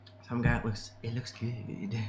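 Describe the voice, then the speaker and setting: A man's voice: medium pitch, flat delivery, unhurried, noisy background. A man hosting a casual livestream, reading and answering chat messages in a chatty way, laughing often and restarting his sentences. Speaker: channel host answering chat. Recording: echoey room with faint ambience.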